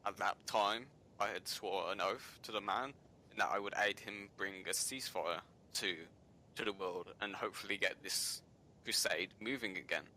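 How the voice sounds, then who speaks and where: An earnest, honor-bound space marine, played by a man in a tabletop game, speaking haltingly. The voice is fairly low, bright and forceful. A faint rumble sits behind it. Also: rough recording. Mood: solemn.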